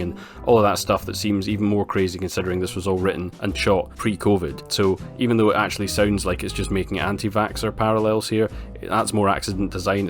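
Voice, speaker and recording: Scottish male film reviewer, deep voice, dry sarcastic delivery, faint music underneath. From Scotland. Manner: wry, blunt and sarcastic. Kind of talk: casual film review monologue.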